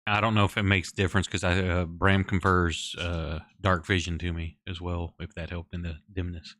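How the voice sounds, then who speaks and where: A man plays a tabletop game and states his moves plainly and earnestly. His voice sits very low with a bright, forward tone. The sound is dry and close. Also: flat delivery, moderate pace, dry recording. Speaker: player.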